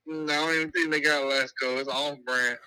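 A man's voice: mid-range voice, fairly even intonation, a little fast, bright, forceful tone, clean tone, no room sound, rough recording. A man in casual podcast chat, joking in laid-back banter. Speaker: podcast co-host.

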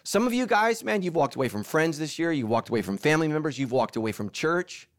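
A man's voice: fairly high pitch, fast. A middle-aged man from Southern California, a pastor preaching a sermon and telling stories with acted-out voices. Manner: animated storytelling, acts out quotes.

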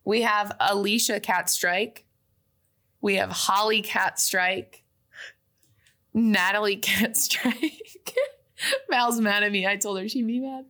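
A young woman co-hosting a casual chat show, reading out a list slowly and laughing often. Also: medium pitch, steady tone, pushed and bright. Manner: giggly, reads a list slowly with frequent laughs. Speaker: podcast co-host. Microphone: webcam with whiteboard behind.

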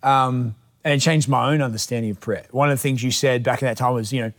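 A young man hosts a podcast conversation in an even, mid-range voice. He speaks reflectively and from the heart. He pauses and restarts as he gathers his thoughts. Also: mid-range voice. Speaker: podcast host and pastor. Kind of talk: casual conversational interview.

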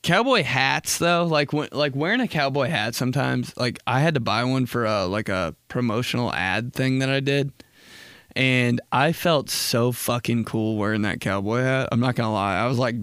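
A young man hosting a casual solo comedy podcast, rambling and swearing through stories with quick impressions. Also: medium pitch, a bit bright, no echo, clean studio sound. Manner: rambling, profane storytelling with impressions. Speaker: podcast host.

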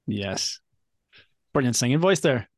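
A man's voice: mid-range voice, lively intonation, measured pace, no room sound, clean studio sound. A man hosting a podcast interview, chatty and full of praise for his guest. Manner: warm praise, says brother and man. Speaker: podcast host.

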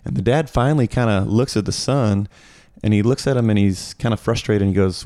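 Low-voiced male podcast host, dry sound. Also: brisk, few pauses, mellow, no room sound. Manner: rambling storyteller, acts out quotes. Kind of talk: casual chat.

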